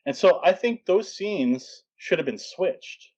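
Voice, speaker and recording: A man's voice: sits high, expressive, slow pace, darkish tone, muffled recording. A man co-hosting a film podcast, analyzing scenes in a casual way. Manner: analytical, acts out characters' lines. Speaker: podcast co-host.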